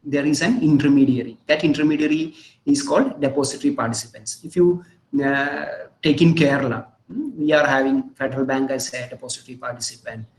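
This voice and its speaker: Man, Indian English accent, webinar lecture, halting with fillers, echoey room. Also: medium pitch, steady tone, darkish tone. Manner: frequent "hmm?" check-ins, halting with many fillers. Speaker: webinar presenter on investing. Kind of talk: online lecture with slides. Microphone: video call.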